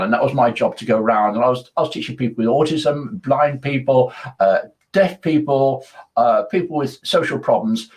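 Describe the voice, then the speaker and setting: An older man from Birmingham with a Birmingham accent, a radio presenter chatting casually with many restarts. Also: mid-range voice. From Birmingham, England. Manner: chatty, self-deprecating, lots of restarts.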